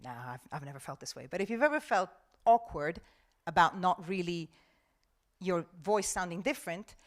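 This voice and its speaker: A woman in her forties, not a native English speaker, a broadcast journalist giving an animated, expressive talk on a festival panel. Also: on the low side. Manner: animated, expressive, acts out quotes.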